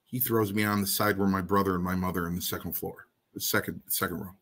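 A man telling stories from his wrestling career in an interview, animated and blunt, with salty language. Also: deep voice, quick pace. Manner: animated, acts out the people in his story. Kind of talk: casual anecdotal storytelling.

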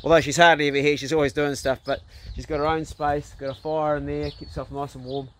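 A man's voice: a little high, level tone, fast, a bit bright, slight background noise. A middle-aged man, chatting casually outdoors on his farm and coaxing his dogs and ducks. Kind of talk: casual farm vlog talk.

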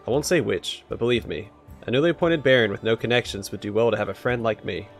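A man's voice: on the low side, fast talker, soft background music, close to an everyday voice. A man reading as a self-assured young noble heir. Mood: persuasive.

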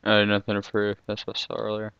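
A young man mumbling laid-back asides over his gameplay. His voice sits low and flat with some gravel, picked up on a dull, dry mic. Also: quick pace, dry recording. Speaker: let's play gamer. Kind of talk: casual gameplay commentary.

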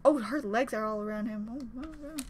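A woman hosting a casual reaction video, gushing excitedly with gasps and squeals. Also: fairly high pitch, a little fast. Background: faint music from the video being watched.

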